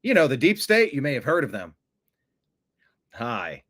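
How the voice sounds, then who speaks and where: A man hosts a political commentary show in an animated, sarcastic way. His speaking voice sits fairly high, and he swings his delivery around for effect. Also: normal speed, long pauses. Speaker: host.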